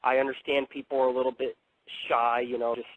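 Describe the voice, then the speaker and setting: A man's voice: mid-range voice, level tone, fast talker, dry recording. A man hosting a live internet radio show, talking in a rambling, profane, combative monologue. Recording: tinny phone-like dry audio.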